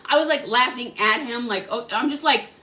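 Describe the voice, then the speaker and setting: A young woman talking casually to her viewers, animated and full of filler words, swearing freely. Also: fairly high pitch, fairly quick. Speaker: energy healing vlogger.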